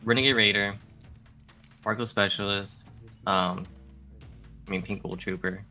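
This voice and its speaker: Male co-host, bright timbre, relaxed casual delivery that trails off. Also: on the low side, a little slow, soft background music. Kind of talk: casual chat.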